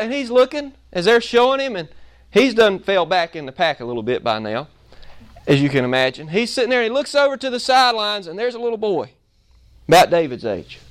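A man preaching a sermon, telling a folksy story and acting out its scenes with lively energy. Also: extremely high pitch, clear, resonant tone. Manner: animated, folksy, acts out the story.

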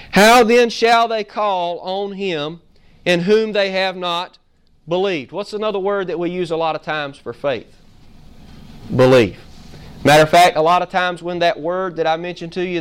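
A man's voice: high voice, clean tone. A man preaching a sermon as pastor, quizzing the congregation with questions he answers himself, asking "Amen?" and reading scripture in old biblical wording. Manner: builds from calm to emphatic.

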